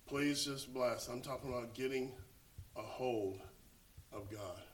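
A man preaching a sermon, telling a story and swinging from hushed, slow lines to loud exclamations. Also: mid-range voice, reverberant, a little hiss or hum, rough recording.

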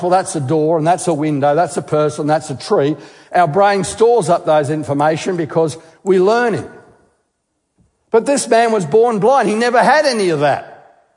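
In what sounds like a large, reverberant hall, a geologist guest speaker gives an emphatic sermon in a fairly high, slightly mellow voice. He poses questions and repeats words to hammer them in.

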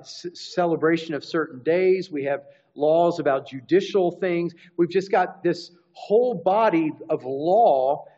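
A man's voice: fairly high pitch, darkish tone. A man preaching a teaching sermon, explaining scripture and restarting phrases as he goes. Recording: dull lo-fi recording.

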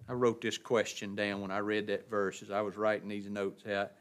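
A man preaching a sermon, asking rhetorical questions and answering them, swinging from hushed drops to emphatic bursts. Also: on the low side, little pitch movement, normal speed, few pauses.

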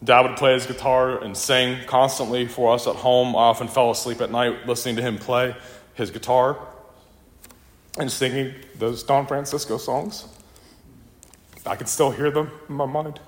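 A man's voice: mid-range voice, little pitch movement, moderate pace. A middle-aged man, a son, delivering a funeral eulogy for his father and telling family stories in a reflective way. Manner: reflective storytelling, with warm anecdotes. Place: church in a large hall. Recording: echoey church hall.

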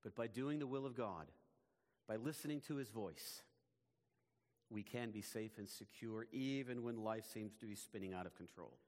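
A man preaching a sermon as pastor, in a measured, emphatic way, his phrases often falling away at the ends. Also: lowish voice, darkish tone, in a large hall.

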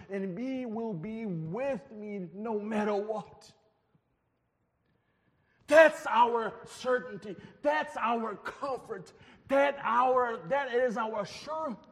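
High-voiced preacher man in a reverberant hall. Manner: emphatic, swinging from loud declarations to hushed near-whispers. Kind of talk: sermon.

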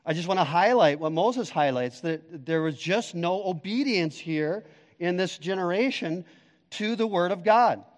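Male pastor, sermon, slightly high voice, emphatic, loud-to-hushed swings, long echoing hall reverb. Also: lively intonation, a little slow.

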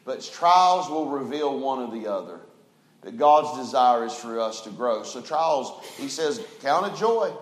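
Preacher in an echoing church. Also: male voice, high voice. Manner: folksy storytelling, rising to fervent preaching. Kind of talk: sermon. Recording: roomy echoing hall.

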